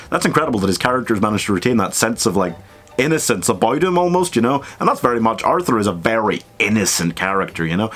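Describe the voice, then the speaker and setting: A young man hosting a casual film commentary, rambling and emphatic with frequent self-corrections. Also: on the low side.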